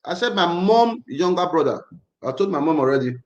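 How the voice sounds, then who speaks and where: A man's voice: high-pitched, expressive, a little fast, lo-fi sound. Agitated man in an echoey room. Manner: emphatic, repetitive, agitated. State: angry and tense. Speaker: livestream host. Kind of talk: casual livestream chat.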